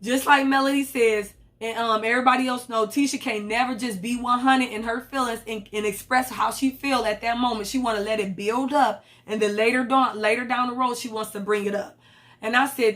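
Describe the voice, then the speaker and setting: A woman's voice: on the high side, fairly even intonation, brisk, a bit bright. A young woman, recapping a reality show in casual, blunt and profane commentary and acting out the lines she quotes.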